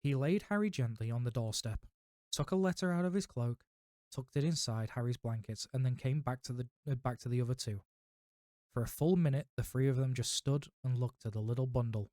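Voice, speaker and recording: A man reading a book aloud on a livestream, with relaxed, chatty asides to his viewers. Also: medium pitch, a little fast, dry recording, clean studio sound. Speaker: livestream reader.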